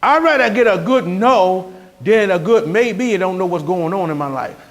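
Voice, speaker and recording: A pastor preaching with a strikingly high-pitched voice that swoops up and down as he tells stories. He moves between quiet asides and loud, shouted punchlines. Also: normal speed. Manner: animated storytelling, rising to shouts. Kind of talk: sermon.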